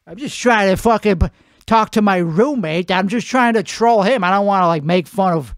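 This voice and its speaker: A man with a put-on Italian-American accent rambles through a profane, self-mocking comedy monologue. His pitch swings up and down a lot. The sound is close and dry. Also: animated, brisk, dry recording. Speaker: comedy show host. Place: home at night.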